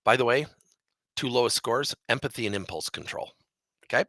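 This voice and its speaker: A man leading a leadership training session, telling a coaching story with animated, acted-out dialogue. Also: mid-range voice, brisk, dry recording.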